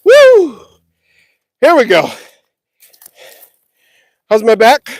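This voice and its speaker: Lively, high-voiced guy streaming outside. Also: unhurried, dry recording, clean studio sound. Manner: jokey self-mocking chatter while working outdoors. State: out of breath and sweaty. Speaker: livestreamer. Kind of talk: casual live vlog. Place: outdoors on a farm property, windy. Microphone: phone held or carried while working.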